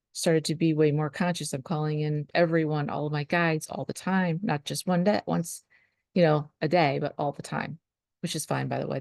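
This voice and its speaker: A woman's voice: sits low, vocal fry, a little mellow, dry recording, studio quality. A woman, a spiritual life coach, talking earnestly to her viewers about trust and surrender. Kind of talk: motivational talk to camera.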